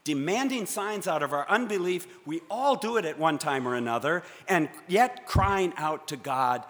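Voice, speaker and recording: A man preaching a sermon from the pulpit, measured and dramatic, with pauses for effect. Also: fairly high pitch, expressive, a bit bright. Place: church sanctuary. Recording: long church reverb.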